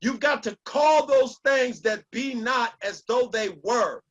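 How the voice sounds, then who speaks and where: A man's voice: very high voice, takes it slowly, highs cut off. A man giving a motivational speech with an emphatic, preacher-like cadence and lots of repetition. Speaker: motivational speaker.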